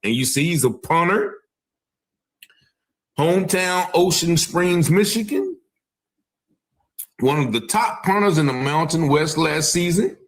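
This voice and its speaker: A man's voice: on the high side, animated, a little slow, pauses often. A man hosting an online news commentary show, talking through a case and repeating that it is only alleged. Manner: speculative, repeats "allegedly" and "once again".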